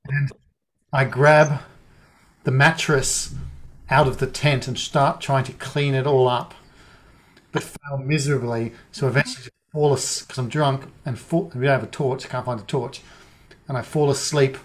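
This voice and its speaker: A man's voice: medium pitch, fairly even intonation, normal speed, slight background noise. A middle-aged man telling a self-mocking story about his own drunken mishap. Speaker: guest. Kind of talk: anecdotal storytelling in a podcast interview.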